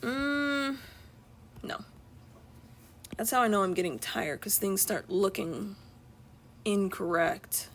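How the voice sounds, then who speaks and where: A woman's voice: medium pitch, takes it slowly, long pauses, a little hiss or hum. A young woman chatting casually while she draws on a live stream at home, rambling and laughing often. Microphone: streaming from an iPad.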